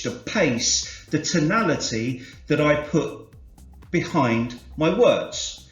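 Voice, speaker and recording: Measured male sales trainer, roomy sound. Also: on the high side. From United Kingdom. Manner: measured, explanatory, demonstrates with varied inflection. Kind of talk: corporate training presentation. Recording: roomy, slightly dull, soft music behind.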